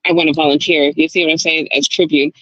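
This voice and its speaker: A woman hosting a casual book club podcast, talking in an animated way and swearing freely, heard over a dull, lo-fi call. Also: low-pitched, quick pace, no room sound. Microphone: video call.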